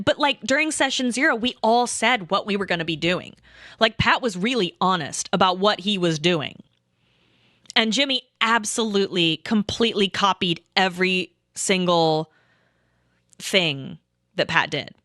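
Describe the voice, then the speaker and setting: A woman's voice: medium pitch, lively intonation, normal speed, pushed and bright, dry recording, studio quality. A woman streamer telling a casual, rambling story, full of asides and swearing. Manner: rambling, profane, with lots of asides.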